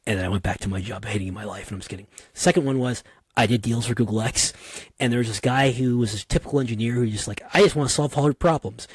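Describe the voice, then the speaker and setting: A man talking as a podcast guest in a casual interview, an animated, digressive storyteller with slangy asides. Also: on the low side, quick pace, slightly rough, no echo.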